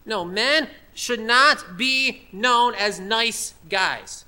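A man preaching a sermon as a pastor, emphatic and repetitive, with forceful declarations and frequent restarts. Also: high voice, drawn-out words, clean tone.

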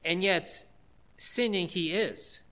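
A man preaching a sermon, reading scripture aloud and building to loud, emphatic declarations. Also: high voice, slow.

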